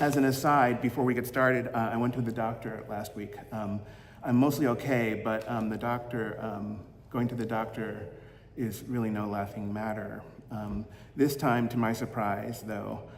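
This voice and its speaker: A man giving a Sunday reflection as minister, gentle and halting, fond of corny puns. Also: lowish voice, fairly even intonation, slight background noise. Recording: roomy echo with long hall reverb, faint ambience.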